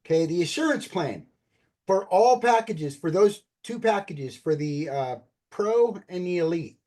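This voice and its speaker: A man presenting an enthusiastic sales pitch on a team video call, upbeat and talking straight to his listeners. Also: animated, measured pace, warm tone. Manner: upbeat, keeps addressing listeners as "you guys".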